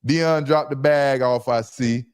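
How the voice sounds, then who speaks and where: A man hosting a casual sports talk livestream from home, loud and brash, trash-talking his commenters. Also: medium pitch, a little slow, smooth. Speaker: podcast host.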